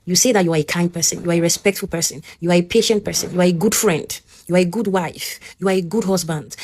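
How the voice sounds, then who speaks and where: A woman, talking casually and warmly as she teaches, often checking in with "okay?" and acting out both sides of an argument. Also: on the low side, quick pace, a little hiss or hum. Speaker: advice talk host. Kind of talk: casual advice talk.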